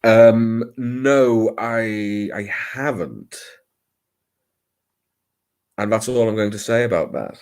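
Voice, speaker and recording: A man's voice: on the low side, lively intonation, takes it slowly, long pauses, a little mellow. A man hosting a late-night livestream, chatting casually in a rambling, self-deprecating way with many hesitations, talking into his computer mic at home. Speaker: livestream host.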